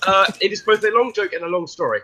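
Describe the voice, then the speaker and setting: A man's voice: sits high, animated, fast talker, background noise. A man co-hosting a casual live watchalong commentary, telling stories in a chatty way. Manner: storytelling, chatty. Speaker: co-host.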